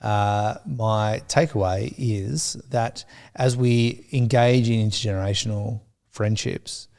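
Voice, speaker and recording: A middle-aged man co-hosting a church podcast, thinking aloud in a slow, hesitant way with many fillers. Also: fairly low pitch, fairly even intonation, gravelly, darkish tone. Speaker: podcast co-host. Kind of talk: reflective podcast chat.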